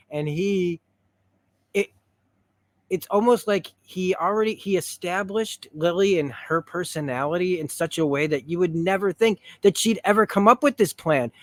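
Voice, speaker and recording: A man reviewing a TV episode in a rambling, excitable way, retelling scenes as he goes. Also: on the high side, dry recording. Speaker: show reviewer. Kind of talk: stream-of-consciousness review.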